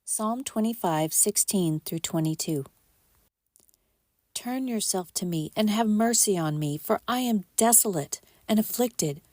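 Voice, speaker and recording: Woman reading bible passages aloud, mellow tone, dry close sound, steady and measured. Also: dry recording. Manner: measured, lifts pitch for quoted speech. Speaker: podcast host reading scripture.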